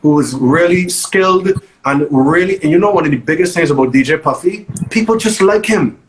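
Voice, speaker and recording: A man's voice: fairly high pitch, fairly quick, a little hiss or hum, rough recording. A man, a guest DJ telling stories in a casual interview with emphatic repeats. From Barbados. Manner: animated storytelling, emphatic repeats.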